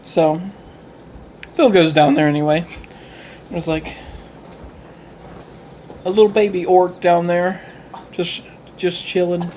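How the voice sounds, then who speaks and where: A woman's voice: fairly low pitch, steady tone, slow, long pauses, mellow, a little hiss or hum. Giggly woman telling a comic story. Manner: giggly, rambling, with frequent fillers. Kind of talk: casual comedic storytelling.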